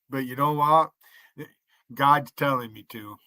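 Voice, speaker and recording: A man's voice: medium pitch, unhurried, bright, forceful tone, no room sound. A man in his fifties from the United States, ranting profanely on a live stream and taunting rivals to come on. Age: 50s. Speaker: livestreamer.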